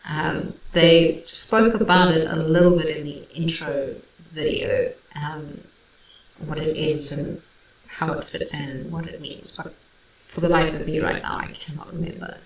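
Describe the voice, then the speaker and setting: A woman's voice: low voice, fairly even intonation, a little slow, gravelly. Chatty woman singer in an echoey room. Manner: chatty, breaks into scat-singing rhythms. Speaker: classical singer reacting to music. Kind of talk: casual music analysis. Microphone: home microphone.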